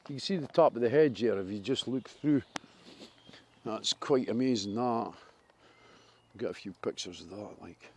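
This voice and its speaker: A man's voice: lowish voice, normal speed, pauses often, a little hiss or hum. A man with a Scottish accent chatting casually as he walks through a wooded park, enthusiastic and rambling about trees and nature. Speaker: vlogger. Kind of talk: casual walking commentary.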